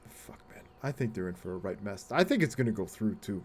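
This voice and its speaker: A man's voice: fairly low pitch, big pitch swings, a little fast, slight background noise. Swearing, laughing man streaming a game. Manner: rambling, swears freely, laughs often, talks to chat. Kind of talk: casual live-stream chat while gaming.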